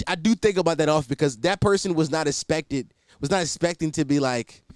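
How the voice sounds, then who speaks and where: A man's voice: fairly high pitch, clear, resonant tone, dry recording, clean studio sound. A young man hosting a solo podcast, rambling casually with lots of swearing and self-deprecating asides. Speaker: podcast host.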